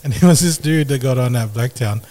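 A man's voice: mid-range voice, fairly quick, warm tone. A man co-hosting a podcast, telling anecdotes in casual chat and laughing as he jokes. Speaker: podcast co-host.

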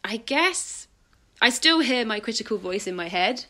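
Woman, thirties, bright tone, halting, thoughtful interview guest. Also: on the high side, animated. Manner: halting and thoughtful, with frequent ums and restarts. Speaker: designer and podcast guest. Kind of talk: reflective conversational interview.

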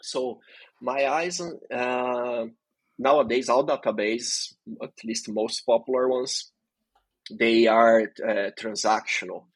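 Husky man explaining step by step. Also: medium pitch, fairly even intonation, slow pace, no room sound, low-quality recording. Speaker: guest database expert. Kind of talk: technical interview talk.

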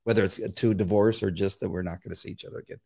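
A man co-hosting a podcast, speaking in a measured, thoughtful way and searching for his words. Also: sits low, steady tone, vocal fry, mellow. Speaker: podcast co-host. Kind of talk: casual faith conversation.

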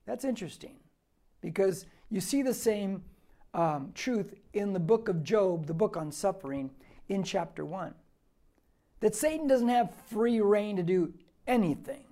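Male pastor, mellow tone, casual verse-by-verse preaching, emphatic with hushed slow beats. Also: high voice, lively intonation. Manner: conversational, emphatic, slows and drops to near whisper for key points; clears throat often, frequent restarts. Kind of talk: verse-by-verse Bible teaching sermon.

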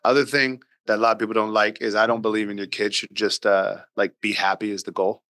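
A man's voice: lowish voice, little pitch movement, fast, fairly bright tone, dry recording. A man guesting on a parenting podcast, talking casually and emphatically, acting out talks with his daughter, blunt and sometimes swearing. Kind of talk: casual interview talk.

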